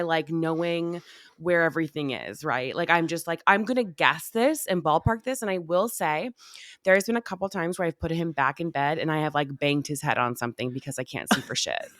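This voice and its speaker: A woman's voice: low-pitched, normal speed, fairly bright tone, no room sound. A woman co-hosting a podcast in a casual chat, a little nasal from a cold, with laid-back slang. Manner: chatty, laid-back slang like "dude" and "anywho". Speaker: podcast co-host.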